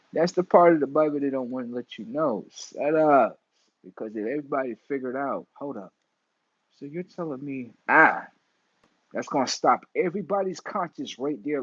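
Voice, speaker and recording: A young man, hosting a casual livestream monologue, animated and full of slang, swinging between loud bursts and mumbles. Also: mid-range voice, slightly rough, dry recording, muffled recording. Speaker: livestream host.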